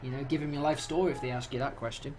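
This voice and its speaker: A man's voice: medium pitch, steady tone, rapid-fire, very noisy. Sweary young Englishman with an English accent. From England. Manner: swearing, mimicking voices, laughing at his own jokes. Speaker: game master host. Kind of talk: casual banter between game sessions.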